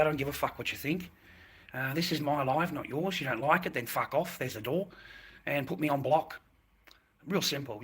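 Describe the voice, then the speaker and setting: Brash Australian bloke streaming, husky and forceful, firing off taunts and swearing at viewers. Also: male voice, medium pitch. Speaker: livestreamer answering chat. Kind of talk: profane livestream rant.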